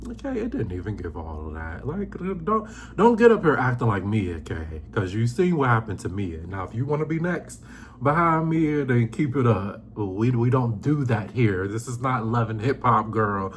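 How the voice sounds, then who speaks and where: Sassy male recap host, lively pitch, faint hiss behind him. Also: normal speed. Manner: animated, sassy, acts out quotes in high voices. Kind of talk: casual recap vlog. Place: indoors, seated on a squeaky chair.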